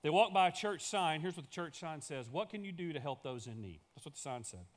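High-voiced pastor preaching emphatically. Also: male voice, lively intonation, a little fast. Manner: emphatic, builds through repeated phrases. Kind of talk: sermon.

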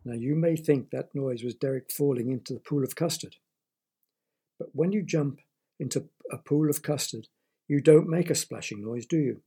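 A man's voice: medium pitch, warm tone, husky. A man reading a children's story aloud, with playful asides to the listener.

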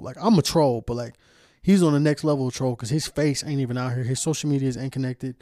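A man's voice: mid-range voice, fairly even intonation, fast talker, warm tone, no echo, studio quality. Profane, ranting podcast host man. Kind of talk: casual podcast chat.

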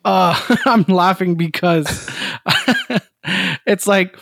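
A man's voice: high-pitched, extremely slow, vocal fry, fairly bright tone, no room sound, clean studio sound. A man co-hosting a gaming podcast, chatting casually, joking, laughing and swearing a lot. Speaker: podcast co-host. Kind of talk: casual chat.

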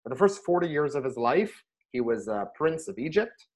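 A middle-aged man, a rabbi, chatting casually about scripture and telling stories with lively bursts when he quotes himself. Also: medium pitch, moderate pace. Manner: animated storyteller, rises sharply when quoting himself. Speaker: rabbi and podcast host. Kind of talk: casual Torah discussion and storytelling.

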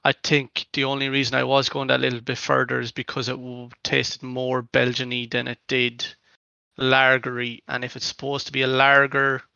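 Guy, gravelly and a bit sharp, dry dull mic, hedges a lot. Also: medium pitch, monotone, moderate pace, dry recording. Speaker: podcast co-host. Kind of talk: casual chat.

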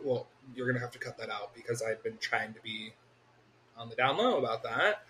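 A man co-hosting a casual podcast chat, his voice sitting at an ordinary middle pitch. He talks in an animated, loose way, swears freely and laughs often. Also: brisk, a little hiss or hum. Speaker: podcast co-host.

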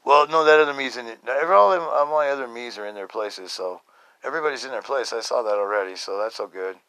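A man in his fifties telling a story as a podcast host, casual and excitable, swearing and laughing often. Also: mid-range voice, fast, no room sound. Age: 50s.

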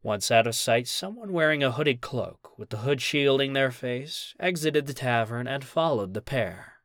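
Measured male audiobook narrator, dry sound. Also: mid-range voice, no echo. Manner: measured, even storytelling. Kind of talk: scripted story narration.

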